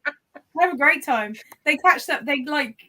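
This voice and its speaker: A woman's voice: high-pitched, lively intonation, normal speed, bright, forceful tone. A woman guest in a casual group chat, joking and playful. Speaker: guest on a reading livestream.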